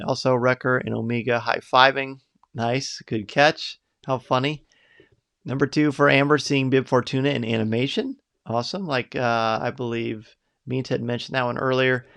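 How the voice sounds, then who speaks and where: A man's voice: mid-range voice, vocal fry, fairly bright tone. A man hosting a live podcast, reading out viewers' picks in an upbeat, chatty way. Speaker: podcast host.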